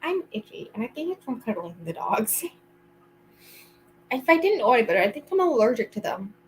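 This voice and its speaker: A woman's voice: a little high, sing-song, a little fast, a little hiss or hum, poor audio. A woman vlogger chatting casually to a friend during reading sprints, rambling and giggling often.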